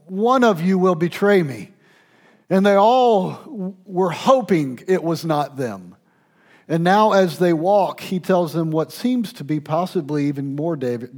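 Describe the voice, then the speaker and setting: A man delivers a sermon in a slightly higher-than-usual voice. He swings between loud, emphatic stretches and hushed, intimate passages. He sometimes restarts a phrase or fills with an "uh" mid-thought. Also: a little slow. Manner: speaks with restarts and fillers. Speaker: pastor.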